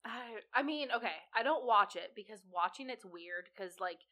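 A woman's voice: medium pitch, expressive, moderate pace, bright, forceful tone. A young woman co-hosting a casual chat podcast, teasing and self-assured. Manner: playful, self-assured banter. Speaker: podcast co-host.

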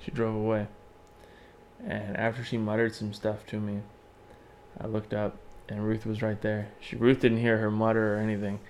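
A man co-hosting a podcast, telling an animated, swearing story in casual chat and shouting the lines he quotes. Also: on the low side, normal speed, a little hiss or hum. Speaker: podcast co-host.

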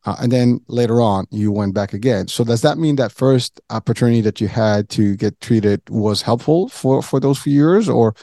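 A man hosting an interview in a gravelly, mellow voice, recorded dry and close. His questions ramble, and he restarts and rephrases them several times. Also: medium pitch, normal speed, hardly any pauses, dry recording. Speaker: interviewer, host. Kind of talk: conversational interview.

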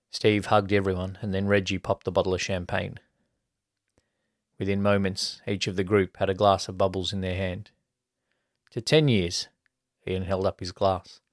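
A man reading an erotic story aloud as a podcast narrator, in an even storytelling manner. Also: low voice, no echo, studio quality. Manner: even storytelling, colloquial mates' banter.

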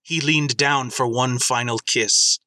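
A man's voice: mid-range voice, steady tone, takes it slowly, bright, forceful tone, dry recording. A man hosting a podcast, chatting casually and reading listener submissions aloud as comic dramatic readings.

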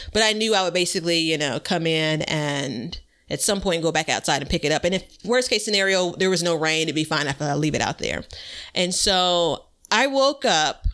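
A woman's voice: fairly low pitch, a bit bright, clean tone. A woman co-hosting a podcast, telling a rambling story in casual chat and laughing often. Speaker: podcast co-host.

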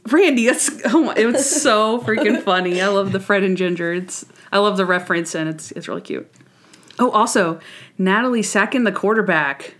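Chatty woman recapping an episode. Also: medium pitch. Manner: animated, acts out characters' lines in quick impressions. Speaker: podcast co-host. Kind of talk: casual chat recapping a TV episode.

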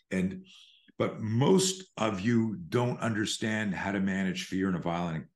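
A man's voice: lowish voice, a little slow, roomy sound. An older man, a self-defense instructor, telling a story in an interview and acting out the quotes. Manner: animated storyteller, acts out quotes.

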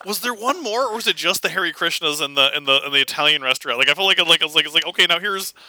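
Man, very bright tense voice, fairly high, wry podcast banter, dry sound. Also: animated, very fast, dry recording, low-quality recording. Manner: wry, jokey asides. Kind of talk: casual movie recap chat.

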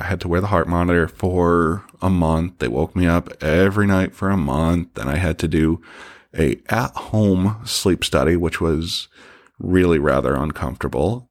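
A middle-aged man hosting a podcast, telling a personal story in a candid, joking way and swearing freely. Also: low-pitched. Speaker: podcast host.

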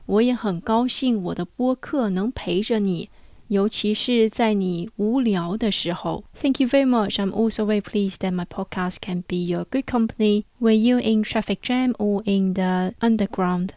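Slow, clear-spoken woman podcast host. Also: medium pitch, a little mellow, no room sound, clean studio sound. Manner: speaks slowly and clearly. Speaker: podcast host and Chinese language teacher. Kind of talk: podcast outro reading listener messages.

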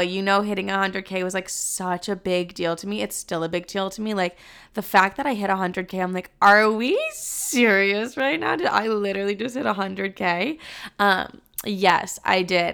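A woman's voice: medium pitch, vocal fry, fairly bright tone, clear, resonant tone. A woman in her twenties from Chicago, hosting a podcast in casual chat, chatty, with lots of "like" and "literally" and easy swearing. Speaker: podcast host.

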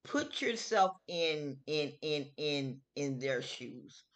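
A middle-aged woman hosting her own show, giving her opinion in a slow, emphatic, chatty way and repeating her phrases. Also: deep voice, expressive. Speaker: host. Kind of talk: casual opinion talk.

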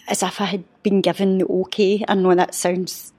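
Husky, heartfelt woman in her fifties. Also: medium pitch, flat delivery, darkish tone. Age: 50s. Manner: heartfelt, halting, with restarts. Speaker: podcast guest. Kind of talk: emotional personal story.

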